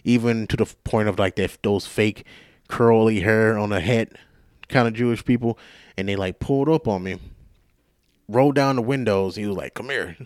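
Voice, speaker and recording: Casting: tired male podcast host, lower voice, dry close mic, profane rambling storyteller who mocks himself. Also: moderate pace, smooth, dry recording. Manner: profane, animated, self-mocking.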